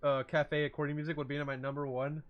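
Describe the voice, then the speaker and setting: A young man hosting a casual streaming podcast, rambling and joking, dropping to a mumble and then jumping into loud bursts. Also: a little high, flat delivery, fast, dull audio, soft background music. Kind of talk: casual chat.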